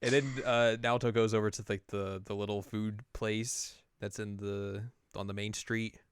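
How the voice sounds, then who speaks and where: A man's voice: on the low side, level tone, moderate pace, clear, resonant tone, no room sound. A man co-hosting a podcast, casually recapping an anime episode and acting out the characters' lines with laughter. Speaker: podcast co-host.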